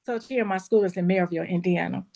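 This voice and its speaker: A woman who owns a beauty school tells a personal story in a lively, casual way, talking straight to her listeners and acting out what people said. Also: lowish voice, fast talker, gravelly. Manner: lively, acts out quoted dialogue in a raised voice; casual, addresses listeners as y'all.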